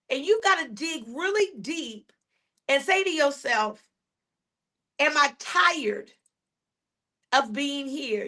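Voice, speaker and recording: A woman preaching a sermon as a podcast host, with repeated refrains and direct questions to her listeners, moving between quick storytelling and slow, drawn-out declarations. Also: high voice, sharp tone.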